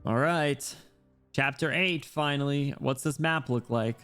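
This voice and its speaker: A man's voice: mid-range voice, a little slow, fairly bright tone, smooth, faint music behind. Giggly chatty male streamer. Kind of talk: casual game streaming chat.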